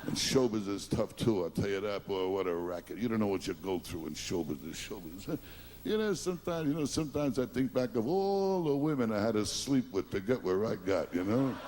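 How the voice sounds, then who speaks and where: A man's voice: fairly low pitch, big pitch swings, brisk, a little mellow, slight background noise. A man doing a stand-up comedy routine, firing off brash one-liners and chuckling at his own jokes.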